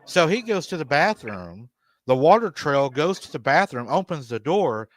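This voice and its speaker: A man's voice: on the high side, big pitch swings, moderate pace. A man hosting a live paranormal stream, retelling a family's story and quoting the people in it. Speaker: paranormal show host.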